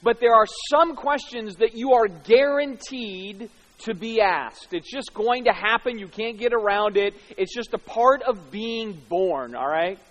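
Male preacher, very high voice, chatty sermon delivery, long hall reverb. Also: a little slow, a bit bright. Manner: conversational, tag questions, acts out quoted voices.

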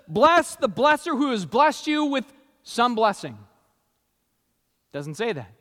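A high-pitched male pastor preaching with bursts of energy and casual asides. His voice carries a long hall reverb around it. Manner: energetic, conversational, jokey asides. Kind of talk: sermon.

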